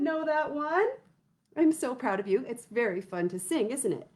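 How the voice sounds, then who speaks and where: A woman leading a children's music lesson, counting and encouraging young viewers in a gentle way. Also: high-pitched, expressive, normal speed, slight background noise. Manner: gentle, encouraging, sings nursery songs. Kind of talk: singing and counting lesson for kids.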